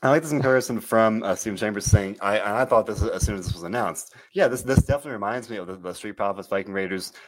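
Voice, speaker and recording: Rambling animated man recapping wrestling. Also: lowish voice, fast talker, few pauses. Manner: rambling, animated, self-interrupting. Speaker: podcast host. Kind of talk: casual wrestling recap chat.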